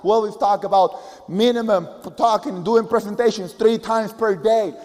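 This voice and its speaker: A man with a Spanish accent, a native Spanish speaker, giving an energetic, emphatic and repetitive motivational speech as a business coach. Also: high voice, normal speed, big-room sound.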